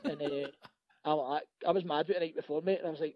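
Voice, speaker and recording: A Scottish comedian rattles through a sweary story in a bright, high voice. He talks quickly and laughs along with his own tales. The recording is dry and a little dull. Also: fairly even intonation, no echo. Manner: rapid, profane, laughing anecdotes. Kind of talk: casual storytelling.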